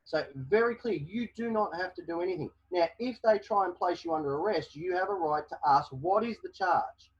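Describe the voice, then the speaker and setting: A man's voice: sits high, moderate pace, few pauses, slightly rough. A man presenting a webinar, giving emphatic legal advice and checking in with "okay?" after each point. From Australia. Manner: emphatic, repeats "okay?" to drive points home. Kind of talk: explaining legal advice to a caller. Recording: dull, lo-fi webinar audio.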